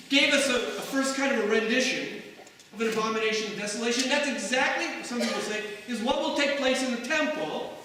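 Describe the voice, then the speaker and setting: A man's voice: very high voice, bright, forceful tone, slight background noise. A man preaching a sermon as pastor, talking conversationally and throwing rhetorical asides to his congregation. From Canada. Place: church sanctuary. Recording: echoey church hall from far off.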